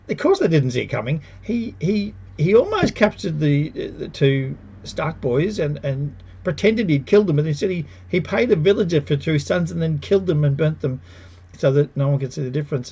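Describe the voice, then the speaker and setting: A man giving a casual, sarcastic spoken review, animated and mocking the characters as he retells scenes. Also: fairly high pitch, husky, lo-fi sound. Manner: animated, sarcastic, mocks characters with put-on quotes. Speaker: TV show reviewer.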